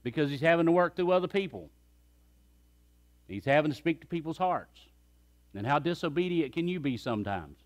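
A man's voice: on the high side, animated, fairly quick, long pauses. A man preaching a sermon as pastor, emphatic and calling on the congregation to repeat phrases after him.

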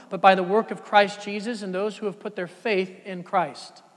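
A man preaching a sermon as pastor, swinging from loud emphatic peaks down to soft, low passages. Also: in a large hall. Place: church sanctuary.

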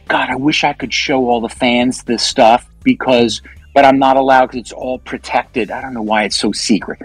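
A man, a guest musician, chatting casually in an interview and telling animated stories in a loose, profane way. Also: medium pitch, slightly rough, no room sound, poor audio.

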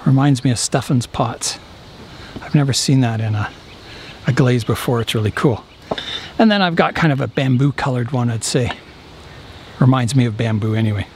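A man casually explaining his bonsai work as he goes, relaxed and thinking aloud with a few fillers. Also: medium pitch, moderate pace, long pauses, slight background noise. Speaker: bonsai hobbyist vlogger. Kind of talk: casual how-to narration.

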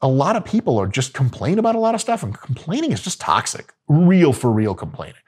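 A man's voice: fairly high pitch, wildly swooping pitch, fairly quick, darkish tone, slightly rough. A man giving casual, profane, joking coaching talk about gym training. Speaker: fitness coach.

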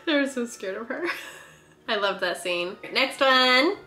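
A woman's voice: on the high side, lively intonation, slow pace, bright, forceful tone. A woman hosting a casual reaction video, gushing and gasping with delight at each clip. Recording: echoey room with faint music.

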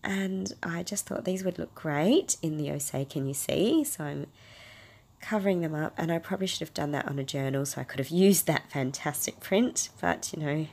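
Aussie woman doing a craft tutorial, low gravelly voice, hoarse with a cold, gushy and chatty. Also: normal speed, darkish tone. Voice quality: raspy. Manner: chatty, gushing over colours. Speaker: craft video host. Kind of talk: casual crafting tutorial voice-over.

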